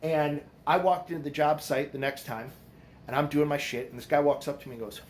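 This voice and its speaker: A man's voice: a little high, a little fast, slight background noise. Blunt, profane middle-aged man. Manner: blunt, profane, storytelling with quoted voices. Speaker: vlogger. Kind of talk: casual storytelling monologue.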